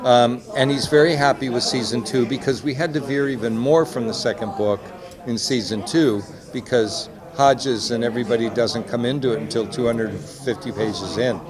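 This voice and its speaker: A man talking at a mid pitch, telling anecdotes in a relaxed, chatty way and putting lively voices on the people he quotes. A clear crowd murmurs behind him on a convention floor. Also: moderate pace. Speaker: executive producer and director. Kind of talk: convention press interview. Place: busy convention hall. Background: loud crowd chatter.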